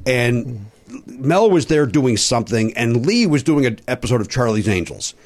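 A middle-aged man telling show-business stories in casual chat, animated and quick to slip into voices. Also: medium pitch. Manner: animated storyteller who slips into voices. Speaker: comedy warm-up performer and guest.

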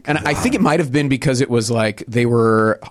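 A man's voice: mid-range voice, fairly quick, no room sound. A man in casual podcast chat, animatedly telling a funny story and briefly mimicking the people in it.

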